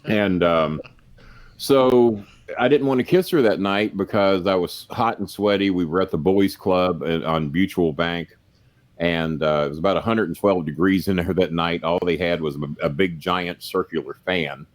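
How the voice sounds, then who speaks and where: An older man with a very low voice tells long stories in a loose, profane, plain-spoken way. He rambles with many fillers and restarts. He is a guest on a podcast. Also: normal speed. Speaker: podcast guest, former wrestling manager. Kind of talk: casual storytelling.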